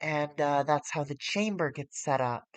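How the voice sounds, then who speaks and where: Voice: mid-range voice, normal speed, dry recording. A streamer giving casual, rambling commentary with self-corrections while playing a wrestling management game on a close mic.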